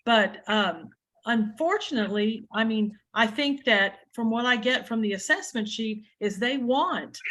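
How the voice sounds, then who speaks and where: A woman with a slightly high voice leads a training session over a video call. She explains in a loose, conversational way, circling back and restarting her sentences as she works through a point. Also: unhurried, a bit bright. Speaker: adjudication trainer.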